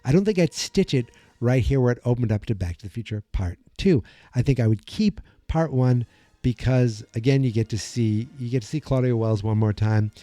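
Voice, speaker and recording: A middle-aged man hosts a podcast in a very dark, mellow voice, rambling casually through his thoughts with many restarts. The sound is dry and close, with no room around it. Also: mid-range voice, dry recording. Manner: rambling, acts out movie lines in quick voices. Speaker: podcast host. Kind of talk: casual movie commentary.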